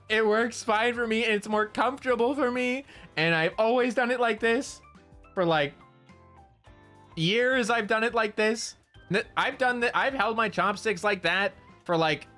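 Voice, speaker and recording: Bright-voiced streamer telling a story. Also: medium pitch. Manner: animated, repetitive, self-mocking storytelling. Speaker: VTuber streamer. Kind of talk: casual chat stream, storytelling.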